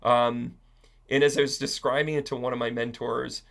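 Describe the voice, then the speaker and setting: A man's voice: mid-range voice, flat delivery, normal speed, creaky, a bit bright. A man hosting an astrology live stream, chatting in a rambling way, answering viewers' comments and often asking "right?". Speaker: astrology and tarot reader, live-stream host. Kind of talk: casual live-stream chat.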